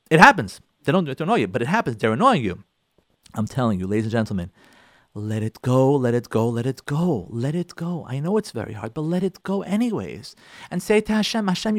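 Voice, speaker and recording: Male rabbi host, high voice, hammers points home by repeating them. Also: dry recording, studio quality. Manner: animated, repeats phrases for emphasis. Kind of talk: motivational talk on marriage.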